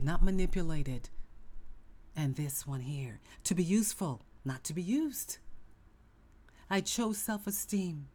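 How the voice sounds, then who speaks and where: A middle-aged woman with a low, mellow voice hosts a self-help podcast meant to motivate. She talks with emphasis, repeats herself frequently, and drops abruptly into whispered asides.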